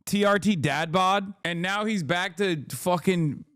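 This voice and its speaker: High-voiced male streamer, dry close mic; heated, mocking, profane reaction rant. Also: unhurried, fairly bright tone, clean tone, dry recording. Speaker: streamer host reacting to clips.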